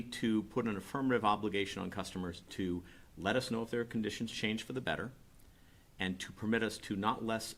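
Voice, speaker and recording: Middle-aged man, very low voice, brisk and explanatory, public meeting presenter. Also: fairly bright tone. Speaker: utility staff presenting a rate request.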